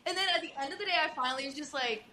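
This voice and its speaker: A young woman hosts a casual podcast chat, her voice bright, crisp and pitched a bit high. She tells blunt, profane nurse stories and acts out what people said. A faint hiss sits behind her. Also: very fast. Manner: blunt, swears freely, acts out dialogue with big voice swings.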